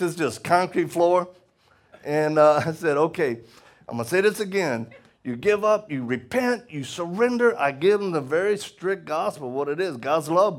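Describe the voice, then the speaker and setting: A middle-aged man preaching a testimony sermon to a live audience, laughing often and swinging from loud outbursts to hushed tones. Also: on the high side.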